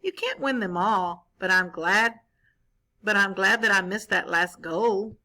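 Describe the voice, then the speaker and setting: A woman's voice: mid-range voice, lively intonation, a little slow, pushed and bright. A woman voicing a young girl in a children's story, speaking plainly and earnestly. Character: young girl, disappointed soccer player.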